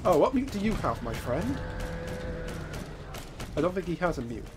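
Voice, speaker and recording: A man's voice: high voice, big pitch swings, normal speed, noisy background. A man with a congested, nasal voice from a cold, giving chatty gameplay commentary and exclaiming at mishaps. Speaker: gaming YouTuber.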